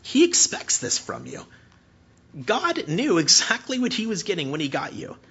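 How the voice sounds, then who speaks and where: Male pastor preaching, bright voice, husky edge, dull lo-fi recording. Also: high-pitched. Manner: animated, rising to near-shouting emphasis; hushed, slow prayer voice. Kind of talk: sermon.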